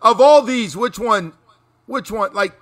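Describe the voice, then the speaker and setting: Male sports radio host, high bright voice, lively chat. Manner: animated, quick to imitate others. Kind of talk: casual sports talk.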